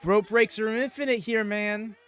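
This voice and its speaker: A man hosting a live wrestling watchalong, reacting in a casual, excited and chatty way. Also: high-pitched, normal speed, a faint crowd. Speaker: watchalong host.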